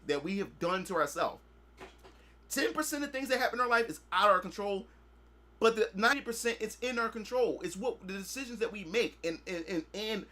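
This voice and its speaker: High-voiced, blunt, profane man. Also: pushed and bright. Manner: blunt and profane, with lots of repeated filler phrases; emphatic, preachy lecturing. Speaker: podcast host. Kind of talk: casual podcast monologue.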